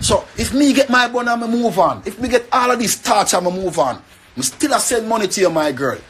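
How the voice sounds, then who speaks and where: A man's voice: high-pitched, lively intonation, a little fast, a bit bright, slight background noise. A young man with a Jamaican accent, rambling and pleading in an emotional rant to the camera. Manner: pleading, rambling, repeats himself.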